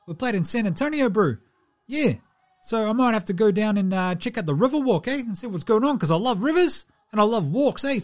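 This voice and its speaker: In a comedy impression sketch, a high-voiced man imitates a laid-back, cheerful, slow-witted New basketball player. He speaks with a drawl and tags every line with "Brew" and "eh".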